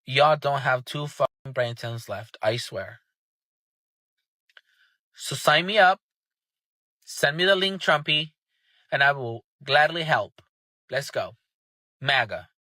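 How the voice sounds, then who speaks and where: A man's voice: medium pitch, expressive, slow, long pauses, pushed and bright, dry recording. A man ranting angrily and sarcastically, swearing heavily in casual commentary. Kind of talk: angry profane rant.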